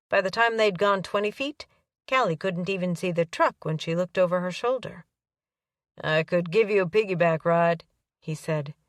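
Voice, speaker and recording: A woman narrates an audiobook in a fairly low voice and shifts lightly between the characters as she reads. The sound is dry, with the mic a little distant. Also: dry recording. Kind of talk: scripted narration.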